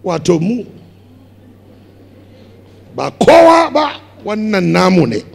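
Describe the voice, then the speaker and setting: A Ghanaian man preaching a sermon as pastor, building up to shouted emphasis on key words. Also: high-pitched, huge pitch swings, slow, gravelly, husky. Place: large church hall. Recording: long hall reverb.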